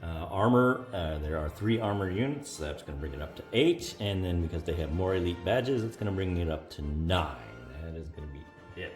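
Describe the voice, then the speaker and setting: A man with a fairly low voice talks through a board wargame turn on his own, tallying modifiers aloud and pausing on "uh"s. His voice rings around an echoey room, with faint music in the background. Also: expressive. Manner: thinking aloud, counting up modifiers with many "uh"s. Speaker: host of a board wargame playthrough. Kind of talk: solo tabletop game commentary.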